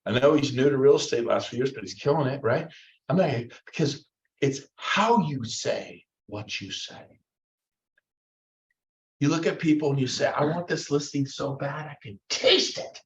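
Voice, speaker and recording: A middle-aged man giving a lively motivational talk to real estate agents, acting out quotes in different voices. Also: medium pitch, normal speed. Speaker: motivational speaker. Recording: roomy, dull lo-fi room recording.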